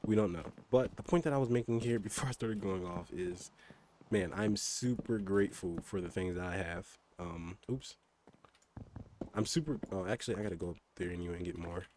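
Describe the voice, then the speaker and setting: His voice is low-pitched and darkish, and he talks fairly quickly as he streams a game. The young man rambles casually about his motorbike and car with many fillers and mild swearing, against a faint hiss or hum.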